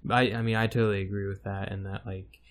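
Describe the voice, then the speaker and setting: A man co-hosting a casual podcast, speaking hesitantly with many ums and slowly searching for his words. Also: fairly low pitch, flat delivery, slight background noise. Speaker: podcast co-host. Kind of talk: casual chat.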